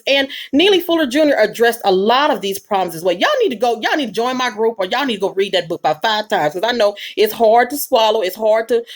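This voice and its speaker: A woman giving a live commentary monologue, emphatic and preachy, with bursts of rapid speech. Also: a little high. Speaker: online commentator.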